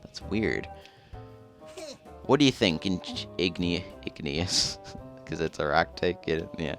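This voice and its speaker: A man's voice: low-pitched, takes it slowly, creaky, fairly bright tone, faint music behind. A man casually commenting as he plays a video game, rambling and chatty. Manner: rambling, chatty, often laughing. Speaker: let's play host.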